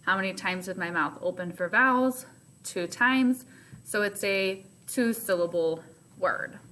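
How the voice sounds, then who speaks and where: A woman's voice: mid-range voice, measured pace, pushed and bright. A woman teacher recording a remote phonics lesson for her students, explaining step by step in a patient way.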